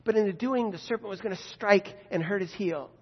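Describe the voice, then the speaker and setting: A man preacher voicing Jesus as a calm adult male teacher, earnestly questioning his followers. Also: high voice, brisk, breathy edge. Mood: gently chiding. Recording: dull lo-fi echoey hall.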